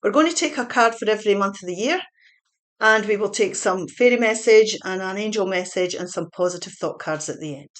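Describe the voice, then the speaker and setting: A woman's voice: medium pitch, a little fast. A woman giving a spoken tarot reading in a chatty, reassuring way, now and then correcting herself mid-sentence. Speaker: tarot reader.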